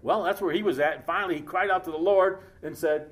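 A man preaching a sermon in a conversational, joking way, breaking off to read scripture aloud slowly. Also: high voice. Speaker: pastor. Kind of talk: sermon, Bible study.

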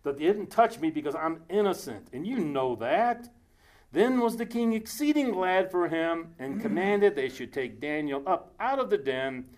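A man preaching a casual sermon, reading scripture aloud slowly and breaking off into joking asides. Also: a little high, animated, a little hiss or hum.

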